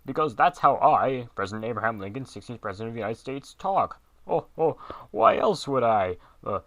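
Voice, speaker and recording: Pompous deep-voiced fake statesman, booming and loud , done by a man. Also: very animated, a little fast. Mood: flustered. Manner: pompous, declaiming loudly. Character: impostor posing as a famous male US president, pompous.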